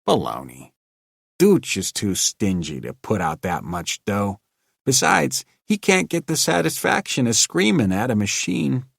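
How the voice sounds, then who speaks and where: A man's voice: fairly low pitch, big pitch swings, measured pace, vocal fry, slightly rough, no echo, clean studio sound, exaggerated voice. A man voicing an eager, incredulous young stage technician.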